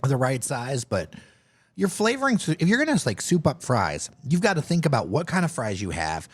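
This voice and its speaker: With a Detroit, Michigan accent, this man co-hosts a casual podcast and enthusiastically tells food stories as a lively storyteller. His voice is husky, medium in pitch, and moves at a normal speed.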